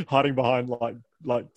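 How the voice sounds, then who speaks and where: A man with an Australian accent, a guest telling lively, laughing stories in a casual interview. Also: mid-range voice, no echo. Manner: animated, laughing storyteller with fast rambling delivery. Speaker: author and guest.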